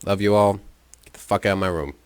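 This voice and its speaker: A man's voice: lowish voice, steady tone, fast, clear, resonant tone, no room sound. A young man casually telling a story from his room, laid-back, amused and freely profane. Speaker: vlogger.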